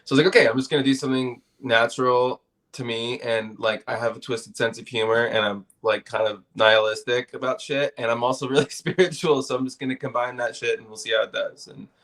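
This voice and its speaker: A man's voice: mid-range voice, steady tone, brisk, a bit bright. A man in casual podcast conversation, telling stories in a laid-back, profane way with frequent laughs.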